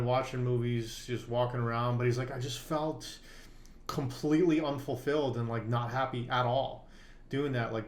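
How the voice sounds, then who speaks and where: A man co-hosting a poker podcast, telling a long story in loose casual conversation. He rambles, piles up fillers and false starts, and speaks at a middle pitch. His voice bounces around an echoey room.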